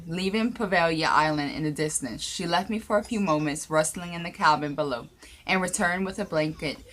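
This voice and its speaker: A woman's voice: sits low, fairly bright tone, a little hiss or hum. A woman narrating a first-person story aloud, with small slips and restarts as she reads.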